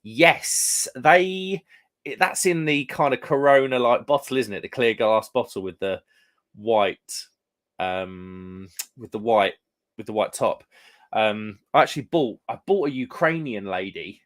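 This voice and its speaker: A man's voice: mid-range voice, measured pace, a bit bright. A young man from the UK hosting a live stream, chatting casually with viewers in a rambling way full of fillers. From United Kingdom. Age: young adult.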